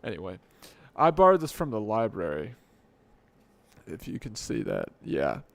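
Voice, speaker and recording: A young podcast host talks alone and off the cuff into his desk mic at home, late at night under dim light, wandering, self-correcting, and making fun of himself. His lowish, creaky voice swoops wildly in pitch and moves a little slowly, on a dry recording.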